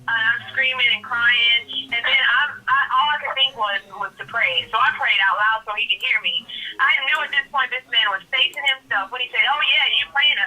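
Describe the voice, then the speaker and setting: A woman giving an emotional first-person account as a guest, animated and repeating herself. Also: on the high side, a little fast, distant mic, faint music behind, rough recording.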